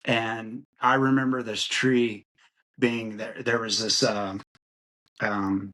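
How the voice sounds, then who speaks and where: An older man hosting a podcast, telling family memories in a halting, reflective way with many fillers and restarts. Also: on the low side, little pitch movement, a bit bright. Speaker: podcast host. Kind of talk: rambling personal storytelling.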